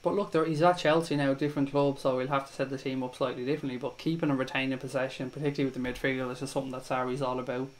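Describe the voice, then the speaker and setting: Irish man, young adult, casual livestream host, matey and sweary, mid-pitched voice. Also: little pitch movement, racing, hardly any pauses, rough recording. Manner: chatty, swears freely, calls viewers mate. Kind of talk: casual live chat reading viewer comments.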